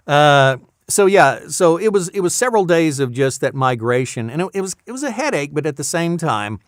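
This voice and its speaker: A man's voice: fairly high pitch, expressive, fairly quick, clean tone, no room sound, studio quality. A man who works as a voice actor, chatting casually in a rambling, self-amused way and getting sidetracked easily. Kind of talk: casual talking-head vlog.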